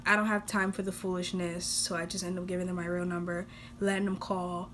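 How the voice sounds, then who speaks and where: A woman's voice: fairly low pitch, flat delivery, brisk, fairly bright tone, slight background noise. A young woman talking to camera in a casual vlog, blunt and exasperated, joking and laughing between points. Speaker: vlogger.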